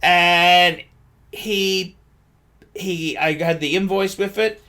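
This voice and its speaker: Australian man, middle-aged, sardonic vlog rant, unhurried delivery, high voice. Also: fairly even intonation, bright, forceful tone. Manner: sardonic, scornful, repeats catchphrases. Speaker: watch dealer. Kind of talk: ranting commentary vlog.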